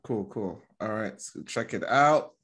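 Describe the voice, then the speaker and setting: A man's voice: fairly low pitch, unhurried, fairly bright tone, husky. A man hosting a podcast in casual chat, rambling with lots of fillers and laughing often. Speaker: podcast host.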